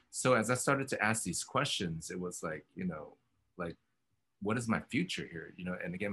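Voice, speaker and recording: Low-voiced guy in his 50s from oakland, kinda husky, rambling thoughtfully in an interview. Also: fairly bright tone. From Oakland, California. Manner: thoughtful, rambling, many ums and self-corrections. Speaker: oral history interviewee. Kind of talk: reflective oral history interview.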